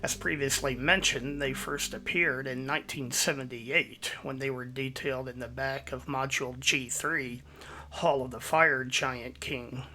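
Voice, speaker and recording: A man hosting his own video, giving a measured, explanatory voice-over. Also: mid-range voice, sharp tone, slight background noise. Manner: measured, explanatory, citing sources. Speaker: YouTube host.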